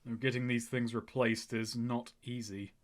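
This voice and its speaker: A man speaking as a player in a tabletop game, measured and politely formal in character. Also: mid-range voice, little pitch movement. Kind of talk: in-character tabletop role-play.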